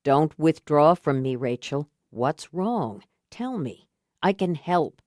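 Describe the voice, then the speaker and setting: A woman's voice: low-pitched, lively intonation, takes it slowly, darkish tone, no echo, clean studio sound. A woman voicing an earnest, stubborn man who pleads and swears to protect his girlfriend, as an audiobook character. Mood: pleading. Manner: pleading, then blunt and angry.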